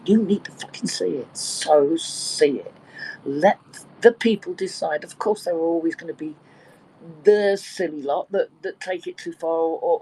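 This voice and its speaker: A woman telling a joke with lively, animated delivery and some swearing in a casual online chat. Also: lowish voice, slight background noise, poor audio. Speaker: participant in an online audio chat room.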